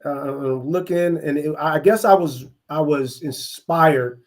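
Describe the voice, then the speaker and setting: A middle-aged man from East Oakland, telling his life story as an interview guest, earnest and halting with many restarts. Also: on the high side. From East Oakland, California. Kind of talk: reflective personal storytelling.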